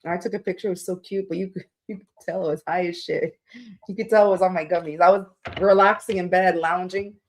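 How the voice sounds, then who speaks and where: A woman's voice: lowish voice, steady tone, quick pace, slight background noise. A woman hosting a tarot livestream, chatting casually with viewers in a rambling, candid way, swearing now and then.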